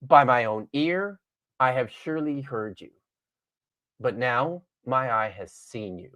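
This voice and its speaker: A man voicing Job, a worn-down suffering old man, in a measured, solemn scripture reading. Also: medium pitch, expressive, fairly bright tone. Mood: sardonic.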